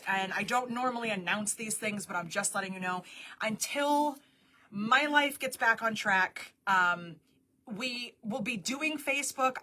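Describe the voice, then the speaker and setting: Bright-voiced chatty woman hosting a live stream. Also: fairly high pitch. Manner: chatty, laughing, quick asides. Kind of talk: casual live-stream chat.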